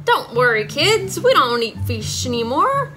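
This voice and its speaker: A woman's voice: high-pitched, big pitch swings, unhurried. A woman reading as a folksy male shark, reassuring, storybook, backing music.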